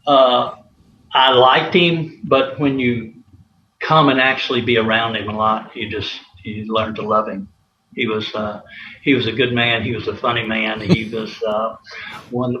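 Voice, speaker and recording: In a relaxed interview, a man who once played college sports rambles through anecdotes in a sharp-toned, medium-pitched voice, full of fillers and chuckles. Sound is roomy and a bit dull, with a faint hiss.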